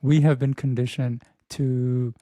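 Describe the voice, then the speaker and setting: A man speaks as a podcast guest, laying out his point in a measured, explanatory way. His tone is mellow and dark. The recording sounds dry and close. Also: mid-range voice, level tone, no echo. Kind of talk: casual podcast conversation.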